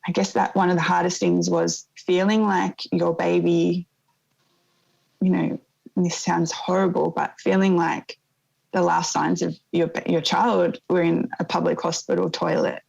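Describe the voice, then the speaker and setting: A woman in her thirties telling a painful personal story in an interview, in a soft, reflective way that often halts and starts again. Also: lowish voice, little pitch movement, creaky, breathy edge, lo-fi sound. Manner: soft, reflective, halting with restarts. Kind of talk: emotional personal testimony.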